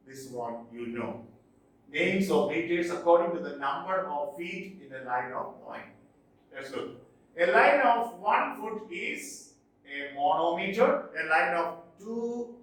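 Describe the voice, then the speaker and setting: A man's voice: a little high, sharp tone, recorded from a distance. A man teaching a lesson, explaining step by step and answering his own questions, now and then correcting himself. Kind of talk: classroom lecture on poetic meter. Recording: echoey room, voice from off-mic.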